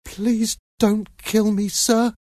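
A man's voice: on the high side, unhurried, warm tone, no echo, clean studio sound, pitched above the performer's own voice. A man doing a trembling, terrified little boy. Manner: stammering, pleading. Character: terrified seven-year-old boy, trembling.

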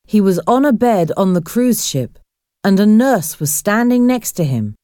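Brief: woman storybook narrator, slow and deliberate, lively pitch, dry close sound. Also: no echo. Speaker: audiobook narrator. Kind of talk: slow graded-reader narration.

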